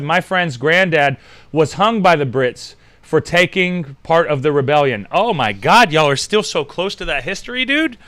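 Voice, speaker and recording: A man with a bright, fairly high voice that swings all over as he talks. He's co-hosting a casual live stream, joking, cursing and cracking himself up. The sound is dry and close, with no room echo. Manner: profane, laughing, teasing. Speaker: co-host of a live stream show.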